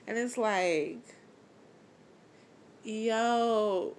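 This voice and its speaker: A young woman vlogger with a medium-pitched, unhurried voice recaps a reality show in chatty, slangy gossip, animatedly acting out what people said. There's slight background noise.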